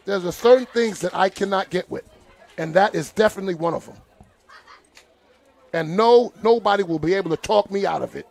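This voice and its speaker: A man's voice: high voice, a little fast, gravelly, long pauses, darkish tone. A man calling a live football game as commentator, getting worked up and indignant as he talks to the field. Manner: exasperated, indignant, talks to the players. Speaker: play-by-play commentator.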